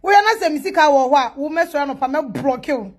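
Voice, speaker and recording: A woman with a Ghanaian accent speaks in a high voice, blunt and preachy. She drifts between pidgin and Twi in a loose, casual monologue. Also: expressive, a little fast.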